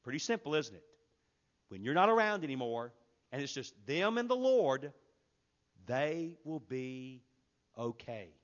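A man preaching a sermon with emphatic delivery, shifting between loud, forceful passages and hushed, quiet ones. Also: mid-range voice, big pitch swings, a little slow, pauses often, dull audio. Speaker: pastor.

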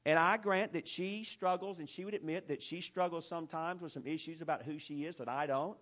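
A man preaching a sermon in an earnest, emphatic way that builds to loud peaks. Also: fairly high pitch, brisk. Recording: dull lo-fi recording.

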